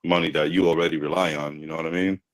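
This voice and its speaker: A man's voice: extremely low pitch, flat delivery, quick pace, dry recording. A man talking as a pro wrestling guest in casual podcast chat, laid-back, swearing freely and tagging his sentences with "you know what I mean".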